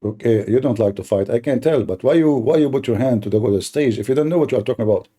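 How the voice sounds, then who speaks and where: A man hosting a heated live-stream debate, mocking and combative, speaking as a with halting restarts. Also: mid-range voice, dark tone, slightly rough. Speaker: livestream debate host.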